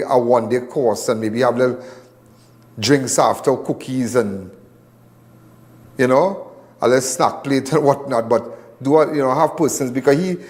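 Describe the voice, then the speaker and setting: A man's voice: medium pitch, darkish tone. A man with a Trinidadian accent hosting a live crime show, talking in a loose, rambling, lecturing way.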